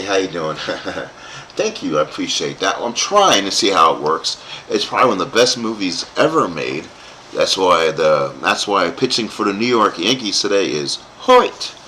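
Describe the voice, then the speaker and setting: There's a little hiss or hum behind this man's fairly low, sharp-toned voice. He's narrating his own solo tabletop baseball dice game play by play, drifting into rambling asides for the people in his live chat.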